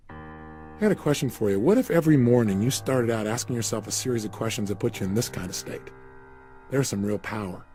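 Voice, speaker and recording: A motivational speaker with a warm, medium-pitched voice gives a guided talk. He emphatically fires repeated questions at the listener.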